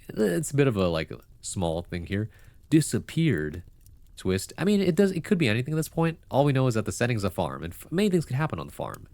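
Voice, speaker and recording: Deep-voiced male streamer with congested nose. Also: a little mellow, dry recording. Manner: chatty, rambling, with many fillers and self-corrections. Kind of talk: casual livestream commentary.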